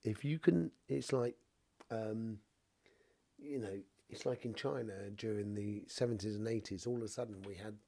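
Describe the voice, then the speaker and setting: A middle-aged man with a cough and a blocked nose hosts a live stream as a spiritual reader, rambling casually through viewer comments with plenty of "you know" asides. His voice is lowish, gravelly and dark, at a moderate pace, with no room sound.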